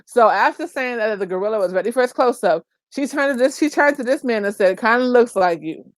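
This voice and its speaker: A woman's voice: fairly high pitch, animated, fairly quick, no echo. A woman giving emphatic, opinionated commentary in a casual vlog, full of exclamations and slangy asides. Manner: colloquial, says "child" and "girl" often. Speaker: vlogger.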